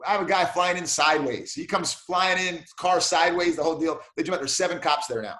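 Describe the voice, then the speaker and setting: A man, a police officer and martial arts black belt, telling animated stories in a casual interview and acting out the dialogue. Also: a little high, fast, roomy sound.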